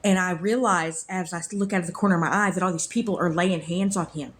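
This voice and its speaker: A woman's voice: on the low side, steady tone, fast. Earnest woman telling a rambling story. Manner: earnest, rambling, with repeated phrases. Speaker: vlogger sharing a faith testimony. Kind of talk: personal storytelling.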